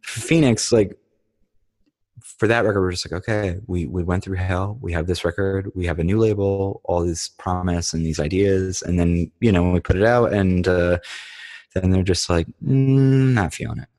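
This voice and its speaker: A man's voice: deep voice, fairly even intonation, moderate pace, a little mellow. A man, a touring band musician, telling stories in casual chat, rambling and full of "like" and swearing.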